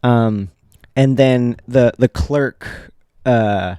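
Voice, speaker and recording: Mellow-voiced man telling a story. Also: medium pitch, extremely slow, clean tone, no echo, clean studio sound. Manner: conversational, chuckles often, frequent restarts. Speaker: podcast host. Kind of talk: casual first-person storytelling.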